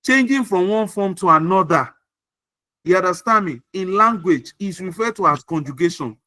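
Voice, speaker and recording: A man teaches grammar over a video call, his voice high and bright. He speaks slowly and keeps asking whether his students understand. The sound is dry and close. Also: animated, no echo. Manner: repeats points and checks understanding often. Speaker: English tutor. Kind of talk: online grammar class.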